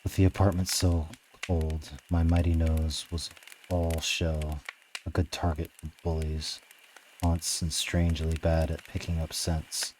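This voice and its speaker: A man reading a novel aloud on a live stream in a steady narrating voice. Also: extremely low pitch, a little slow, slight background noise, poor audio. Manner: steady narration, with offhand asides. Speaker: reader.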